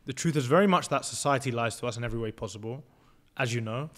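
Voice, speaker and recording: A young man in his early twenties talking as a podcast guest, at a middle pitch for a man. He is assertive and breaks his points down step by step, and he swears freely. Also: fast. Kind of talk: casual podcast interview.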